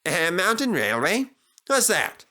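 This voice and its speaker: A man playing a huffy young engine who won't give in. His voice jumps up high and insistent, bright and lively. A storybook character voice. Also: measured pace, exaggerated voice. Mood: stubborn.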